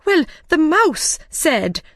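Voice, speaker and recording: A man's voice: sing-song, drawn-out words, a bit bright, no room sound, clean studio sound, heavily acted. A woman voicing a nervous, frightened hatter with a raised, pleading voice. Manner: higher pitched, anxious, pleading.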